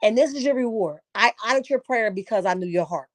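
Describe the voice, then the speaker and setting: A woman's voice: fairly high pitch, expressive, fairly quick, no echo. A woman giving blunt, opinionated commentary on a reality show, preachy and casual.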